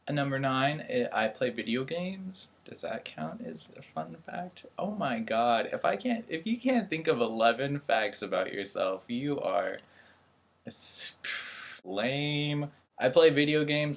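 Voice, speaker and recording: Young man, casual vlog chat, rambling, self-deprecating, middle pitch. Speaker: vlogger, airman.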